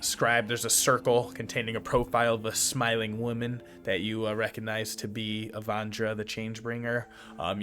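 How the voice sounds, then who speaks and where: A man narrating as game master in a relaxed way, with frequent fillers. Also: fairly low pitch.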